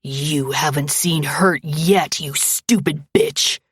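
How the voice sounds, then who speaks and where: A menacing abusive young man, growling and sneering his threats in a low, slow, husky voice, as a woman reads him. The sound is dry and close, with no room around it. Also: dry recording, exaggerated voice. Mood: snarling.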